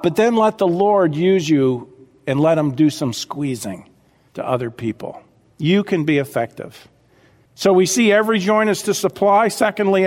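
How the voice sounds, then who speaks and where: Fervent high-voiced preacher in a reverberant hall. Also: male voice. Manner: fervent preaching, drops low and quiet then rises sharply. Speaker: pastor. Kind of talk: sermon.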